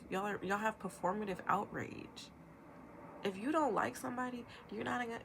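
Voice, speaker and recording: A woman's voice: mid-range voice, vocal fry, background noise. Emphatic young woman ranting on camera. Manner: emphatic, rapid-fire, animated with imitated quotes. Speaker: vlogger. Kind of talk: ranting commentary.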